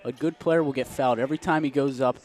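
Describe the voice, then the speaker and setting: A man's voice: mid-range voice, fairly even intonation, fast, a little mellow. A young man doing casual, joking play-by-play commentary on a college basketball game into a close mic, laughing often and a bit out of breath. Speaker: student sports commentator.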